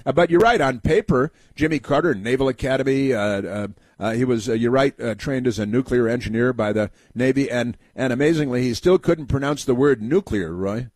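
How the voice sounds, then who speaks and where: A man hosts a call-in radio show in a rambling, chatty way, full of fillers and restarts. His voice sits at a middle pitch and is recorded close and dry in the studio, with no room sound around it. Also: fairly quick, few pauses, darkish tone, no room sound. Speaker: radio talk show host.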